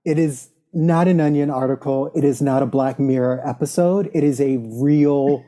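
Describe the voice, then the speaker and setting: A woman co-hosting a podcast, explaining things in a dry, measured casual way. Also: a bass voice, dark tone. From United States. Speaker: podcast co-host. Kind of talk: casual chat.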